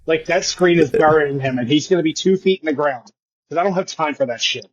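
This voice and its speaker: A man co-hosting a podcast, talking baseball in quick, jokey, profane banter. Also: a little high. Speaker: podcast co-host. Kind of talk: casual sports chat. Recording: dull lo-fi sound.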